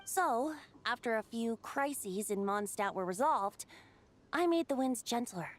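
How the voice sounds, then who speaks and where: A woman's voice: on the high side, lively intonation, measured pace. A woman voicing a playful young male bard who is a wind god, speaking as a lilting, teasing storyteller in a video game. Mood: explaining.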